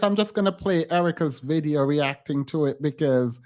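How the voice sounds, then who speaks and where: High-voiced man doing blunt reaction commentary. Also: animated, normal speed, few pauses, darkish tone. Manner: blunt, critical, with scoffing asides. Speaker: host.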